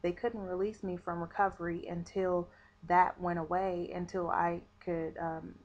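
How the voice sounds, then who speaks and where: A woman's voice: lowish voice, level tone, measured pace. A woman vlogger telling a personal story to camera in a chatty way, with many fillers. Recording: dull lo-fi webcam audio.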